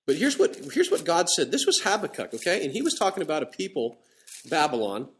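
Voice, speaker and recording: A middle-aged man preaching a sermon in a lively, conversational way, slowing down to read scripture with emphasis. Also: fairly high pitch. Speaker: pastor. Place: church.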